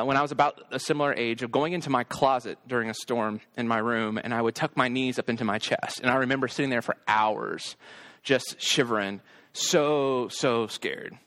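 A man in his thirties tells a personal parenting story in a relaxed, candid way. His voice sits at an ordinary middle pitch. He grows more animated when he acts out his own reactions. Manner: casual, candid, animated when quoting himself. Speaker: father telling a story.

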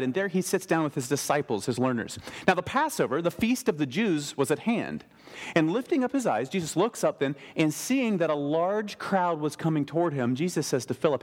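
A man preaching a sermon as a pastor, animated, slipping into casual modern voices for biblical characters. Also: fairly high pitch, a little fast, in a large hall.

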